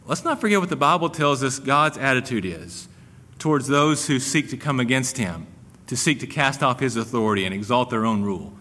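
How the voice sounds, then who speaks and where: Animated preaching man in a reverberant hall. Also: mid-range voice. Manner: animated, conversational preaching with humor and repeated restarts. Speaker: pastor. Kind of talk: sermon.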